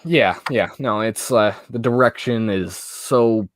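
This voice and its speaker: A man's voice: lowish voice, slow, no room sound, clean studio sound. A young man who makes movie videos, chatting as an interview guest in a hesitant, rambling way full of fillers. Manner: hesitant, rambling, many fillers and "I don't know". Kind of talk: casual interview chat.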